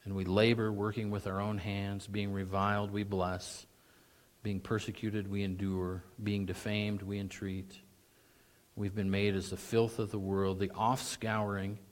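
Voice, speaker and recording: Preaching in an unhurried, fairly low voice, this middle-aged pastor stays animated throughout his sermon. He frequently clears his throat, and his pitch shoots up whenever he mocks with sarcasm.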